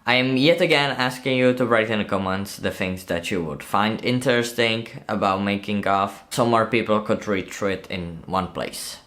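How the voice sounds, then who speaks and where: A man's voice: lowish voice, normal speed, hardly any pauses, fairly bright tone. A man narrating a movie breakdown video in a casual, chatty way, often asking viewers to comment and laughing at his own slips.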